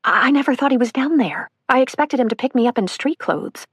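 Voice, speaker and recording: A woman's voice: sits high, lively intonation, brisk, husky, no room sound, studio quality. A woman narrating a survivor's first-person account for an audiobook, earnest and emotional.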